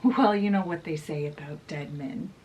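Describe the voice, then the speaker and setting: A woman's voice: low-pitched, normal speed, a little mellow, lightly acted, rough recording. A woman voicing a mocking male sea deity who captains a ghost ship, in a casual taunting way.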